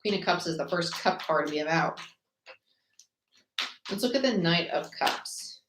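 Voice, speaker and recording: A woman giving a live tarot reading in a chatty, quick way, listing the cards aloud as she goes. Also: lowish voice, lively intonation. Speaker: tarot reader. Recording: echoey room with faint noise.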